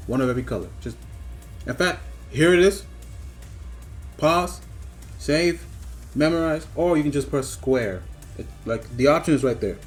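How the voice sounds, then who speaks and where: A man reviewing a video game in a scripted voice-over, breaking into animated, mock-outraged rants with repeated questions. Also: mid-range voice.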